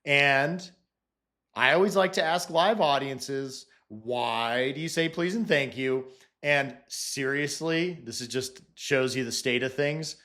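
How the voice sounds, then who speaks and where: Male presenter, mid pitch, upbeat and playful, big swings from loud lines to quiet asides. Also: slow. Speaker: presenter teaching AI prompting. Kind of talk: upbeat joking talk to an audience.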